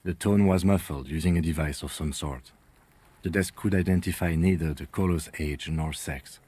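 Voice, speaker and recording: A man playing a calm, formal police lieutenant who speaks in a precise, measured way. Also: sits low, breathy edge.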